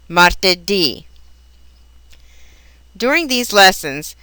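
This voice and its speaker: Woman language teacher, measured, very clear and bright, reading a prepared lesson with careful enunciation over a dry close mic. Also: medium pitch, no room sound. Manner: slow, careful, precise enunciation of example words. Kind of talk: scripted lesson narration.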